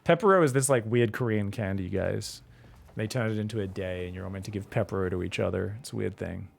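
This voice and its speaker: Gravelly laid-back man. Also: on the low side, fast talker. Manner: laid-back, rambling, swears casually. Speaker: StarCraft coach and streamer. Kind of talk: casual game commentary and chat with viewers.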